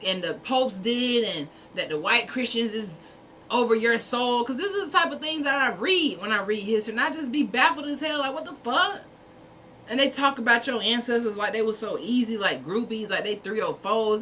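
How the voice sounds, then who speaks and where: Fervent, bright-voiced woman preaching on a livestream. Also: on the high side, slight background noise. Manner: preachy, fervent, profane, speaks in repeated punchy phrases. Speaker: livestream host. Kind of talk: impassioned livestream monologue.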